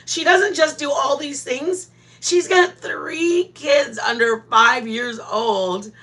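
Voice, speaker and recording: Speaking slowly in a high-sitting voice, a woman hosts a live stream, chatting casually with viewers. She tells animated stories and laughs often.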